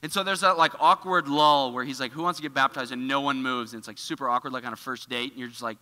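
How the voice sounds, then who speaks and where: A man giving a casual, animated storytelling sermon in a church, full of filler words. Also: mid-range voice, quick pace, long reverb tail. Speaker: church speaker. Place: church auditorium.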